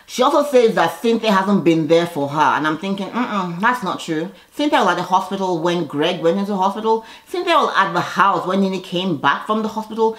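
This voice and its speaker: A woman giving a casual recap of a reality TV episode, blunt, sassy and animated as she comments on the cast. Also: medium pitch, a little fast, few pauses.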